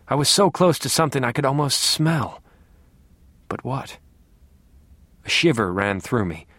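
A man narrating an audiobook in a calm, wry, low-key way, sometimes sinking to a near whisper. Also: no echo.

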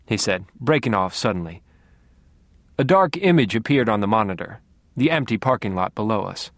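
A man's voice: fairly low pitch, expressive, moderate pace, no room sound. A man narrating a first-person audiobook in a dry, wry manner.

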